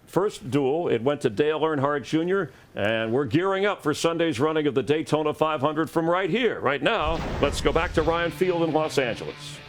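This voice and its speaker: A man hosting live televised motor racing coverage, with a polished, brisk anchor delivery. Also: fairly high pitch, lively intonation. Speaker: race studio host.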